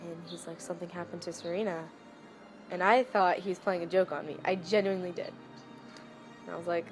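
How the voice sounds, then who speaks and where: Soft-spoken young woman recalling a loss. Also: fairly low pitch, fairly even intonation, soft background music. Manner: soft, reflective, halting with many "like"s. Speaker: friend of the deceased. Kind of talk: documentary interview, recounting a loss.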